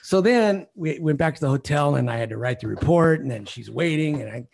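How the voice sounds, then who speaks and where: An older man, a retired cop and umpire, co-hosting a podcast and telling profane, animated stories in casual chat. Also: on the high side, fairly quick, hardly any pauses. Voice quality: gravelly. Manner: profane, animated storyteller acting out quotes.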